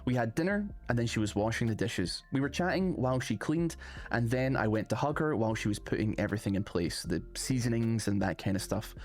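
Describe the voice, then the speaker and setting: A man at an ordinary middle pitch reads online posts aloud and then comments on them off the cuff. His delivery is casual and animated, and he often lifts his voice at the start of a phrase. Faint music plays under his voice. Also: brisk. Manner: chatty, animated, rising emphasis on phrase openings. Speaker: host reading online stories.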